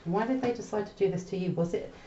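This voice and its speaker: A woman's voice: medium pitch, quick pace, dark tone, reverberant, highs cut off, slight background noise. A woman giving a casual spoken tarot reading, chatty and often checking in with "okay?". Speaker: tarot reader.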